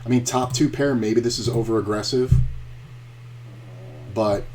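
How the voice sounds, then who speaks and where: A man's voice: mid-range voice, a little slow, slight background noise. A man streaming online poker, chatting casually, telling a story and cursing at opponents on screen. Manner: profane, animated storyteller, trash-talking at the screen.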